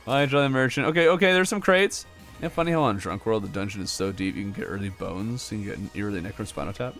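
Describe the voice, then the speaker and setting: A man talks fast in a lowish, slightly bright voice while he plays a video game and chats with his livestream viewers. He reacts to the game, answers chat out loud, and laughs often, with soft music in the background.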